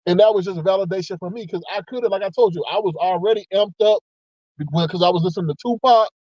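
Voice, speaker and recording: A man telling a personal story to his viewers in a casual, animated way, acting out both sides with sudden excited jumps up in pitch. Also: fast talker, dry recording, dull audio. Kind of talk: casual storytelling to a live audience.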